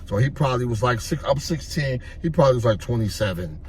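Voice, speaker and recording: A man from Harlem, telling street stories in an animated way and acting out the voices. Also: mid-range voice, fast, slight background noise. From Harlem, New York. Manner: animated, acts out voices, repeats "you know what I mean". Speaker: storyteller. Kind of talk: street storytelling vlog.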